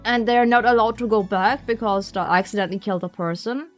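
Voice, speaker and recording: A woman streamer chatting casually during a game, talking slowly with lots of repeated words and giggles. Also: mid-range voice, faint music behind.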